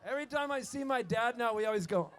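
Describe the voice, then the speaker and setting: A man's voice: very high-pitched, fast. A man from Canada, a singer-songwriter, chatting and telling a rambling joke to a live festival crowd, laughing at his own punchlines. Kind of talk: on-stage banter and storytelling. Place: outdoor festival stage. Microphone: stage vocal mic on the soundboard. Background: a band softly playing.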